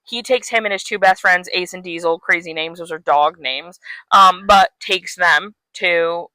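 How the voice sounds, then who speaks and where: Woman co-host, casual storyteller, crisp bright voice, dry close recording. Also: lowish voice, measured pace, no echo. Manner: breathless retelling full of "like", swears freely. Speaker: podcast co-host. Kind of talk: casual chat.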